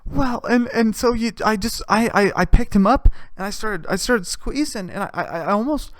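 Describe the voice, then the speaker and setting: A weepy, preachy substitute teacher lady who stammers through her words and keeps repeating herself, as a comic puts her on. The voice sits well above the performer's own, pitched up with distress. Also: no room sound, natural voice. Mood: distraught. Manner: shaky, halting, repeating herself.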